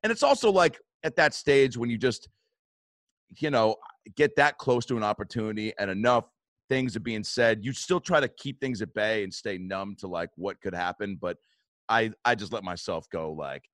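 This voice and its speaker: A man telling a long story in relaxed chat, with mid-range pitch and lively swings into loud acted-out quotes. He swears freely and piles up fillers as he goes. The sound is close and dry, with no room around it. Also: normal speed, dry recording. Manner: animated, swearing, acts out quotes in bursts.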